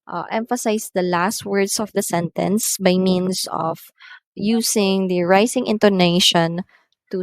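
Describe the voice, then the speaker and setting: A woman's voice: medium pitch, creaky, dry recording. A woman English teacher giving a recorded lesson on intonation and reading numbered example sentences aloud. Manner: says "so" at the start of many lines.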